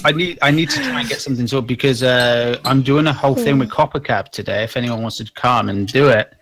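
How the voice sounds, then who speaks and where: A man's voice: medium pitch, animated, fast, noisy background. A man from Britain chatting on a livestream, wry and teasing, often sighing "oh dear". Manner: dry, wry, lots of "oh dear". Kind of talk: casual livestream chat.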